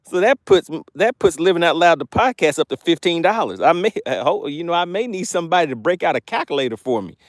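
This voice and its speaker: A fishing host on a live stream who keeps his voice bouncing all over, up and down, as he reads out the chat. His pitch sits a bit high for a man and the sound is dry and close. He is playful and excitable, outdoors by the water. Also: quick pace, hardly any pauses, no room sound. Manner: playful, excitable, laughs often.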